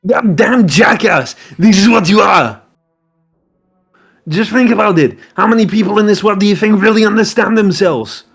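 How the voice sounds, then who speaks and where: A man's voice: sits high, moderate pace, gravelly, husky, soft background music, exaggerated voice. A man voicing a hot-tempered burly rebel leader in a fan-voiced game playthrough, blunt and cursing. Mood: lecturing. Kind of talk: fan voice acting over a game.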